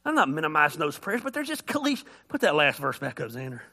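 A man's voice: a little high, fairly quick, creaky. A middle-aged man preaching a folksy, joking sermon as a pastor, acting out voices as he tells stories. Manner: animated storytelling, acts out voices.

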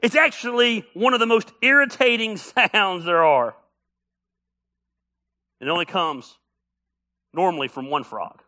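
High, bright-voiced preacher man. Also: measured pace, long pauses. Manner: animated storytelling preacher, humorous, builds to shouting. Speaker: pastor. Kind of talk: sermon.

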